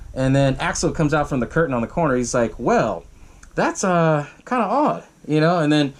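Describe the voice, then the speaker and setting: A man's voice: medium pitch, darkish tone. A man hosting a podcast, casually retelling a horror film's plot in a rambling, profane way, jumping into the characters' lines in raised voices. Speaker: podcast host. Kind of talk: casual movie recap.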